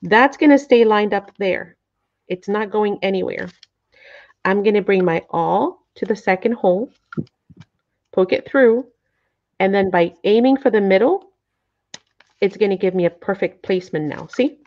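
A woman's voice: mid-range voice, measured pace, pauses often. A middle-aged woman hosting a live craft tutorial, chatty and a bit flustered, often checking in with her viewers. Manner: apologetic, flustered by the camera framing. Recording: dull lo-fi sound.

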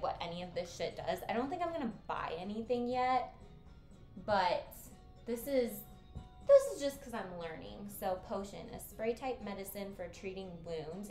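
A woman's voice: mid-range voice, a little mellow, reverberant. A woman streamer casually commenting on a video game, reading the game text aloud, swearing and joking as she goes.

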